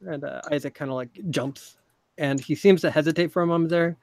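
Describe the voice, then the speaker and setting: A man narrating a tabletop role-playing game as dungeon master, halting with many fillers. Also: on the high side, steady tone, a little mellow, dry recording.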